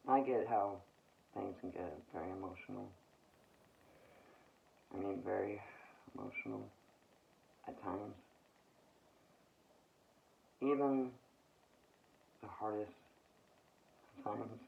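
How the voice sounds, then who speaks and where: A man speaking a reflective monologue in a halting way, with long pauses between phrases, on dull lo-fi audio with faint background ambience. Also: fairly low pitch, creaky.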